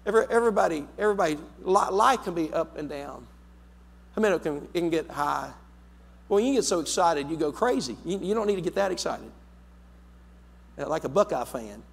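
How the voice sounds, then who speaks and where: A man preaching a sermon as pastor, emphatic, repeating his words and swinging between loud and soft. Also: a little high, expressive, brisk, gravelly. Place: church sanctuary. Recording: long hall reverb in a church.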